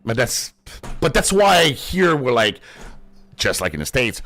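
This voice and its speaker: A man's voice: medium pitch, very animated, measured pace, pauses often, a bit bright. A young adult man, a gaming streamer, in a passionate, profane, casual rant. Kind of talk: casual ranting commentary.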